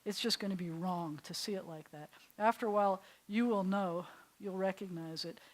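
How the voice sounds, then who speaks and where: An older woman with a New York accent teaches a Hebrew class in a synagogue classroom. She talks in a chatty, meandering way, laughing easily, and her voice sits at a middle pitch. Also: moderate pace.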